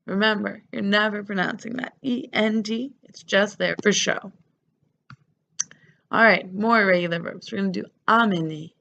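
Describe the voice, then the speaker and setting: A woman's voice: mid-range voice, normal speed, creaky, a bit bright, dull audio. A woman teaching French grammar, patiently spelling out verb endings letter by letter. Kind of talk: grammar lesson.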